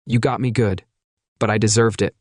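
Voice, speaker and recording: A man narrating a first-person relationship story in a steady, even delivery. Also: on the low side, moderate pace, dry recording, clean studio sound.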